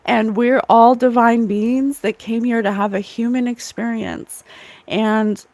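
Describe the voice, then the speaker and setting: A woman's voice: a little high, steady tone, a little slow, darkish tone, dry recording. A woman hosting a spiritual livestream, talking earnestly to her chat and repeating key phrases for emphasis. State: tearful at times. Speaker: psychic livestream host.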